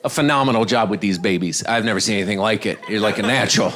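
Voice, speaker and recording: A nervous male TV director with a lowered voice, as a stand-up comic plays him. He coaxes and flatters in a hurried, tense way. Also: lightly acted. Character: stressed male soap opera director.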